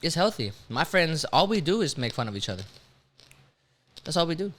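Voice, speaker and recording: A man co-hosting a relaxed talk show, full of slang and frequent laughter. His voice sits a little high and bright, moving all over in pitch as he riffs with his co-host. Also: brisk. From Texas. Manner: laughs often, slangy and animated. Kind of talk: casual chat.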